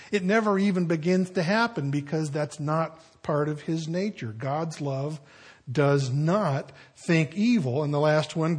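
Older male pastor, husky voice pitched a bit high, folksy conversational sermon delivery. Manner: folksy storytelling with conversational asides.

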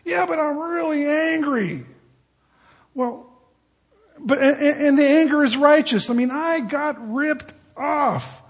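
A man's voice: very high voice, normal speed, big-room sound. A man preacher voicing a whiny, self-pitying man who lists excuses and grievances. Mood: whining. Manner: complaining, exasperated, piling up grievances. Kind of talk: sermon illustration.

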